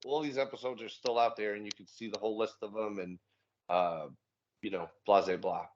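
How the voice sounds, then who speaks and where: A man's voice: on the low side, fairly even intonation, brisk, lo-fi sound, a little hiss or hum. A man talking as a podcast guest in easygoing casual chat, swearing casually.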